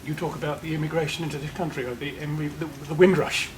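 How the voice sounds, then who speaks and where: An older man making formal remarks at a meeting, halting and repeating words as he searches for them. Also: on the high side, fairly even intonation, noisy background. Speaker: meeting member giving vote of thanks. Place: meeting room.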